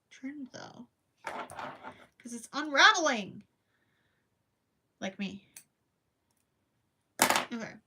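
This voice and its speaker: A woman's voice: medium pitch, bright, forceful tone. A young woman hosting a casual crochet livestream, chatting to viewers, apologizing often and giggling as she thinks aloud.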